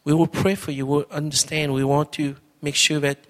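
A man's voice: on the high side, level tone, moderate pace, a bit bright. A middle-aged man preaching as a pastor, telling his testimony in an earnest, conversational way, often repeating words. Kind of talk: testimony sermon.

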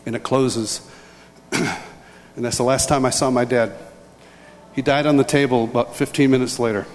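Speaking at a normal pace in a medium pitch, this preacher performs the dialogue of the people in a moving sermon story before guiding the congregation in prayer. A faint hiss or hum sits under the sound of a reverberant hall with light ambience.

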